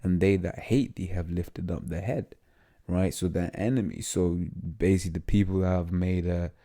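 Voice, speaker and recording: A man giving informal scripture teaching, talking haltingly with many fillers and restarts, and reading passages aloud with some stumbling. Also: deep voice, steady tone, mellow. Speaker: religious teacher.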